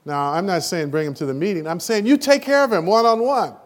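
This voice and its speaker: During a church meeting, a high-pitched man preaches with animation and strong emotion. His speech lurches into loud rises and catches on repeated words.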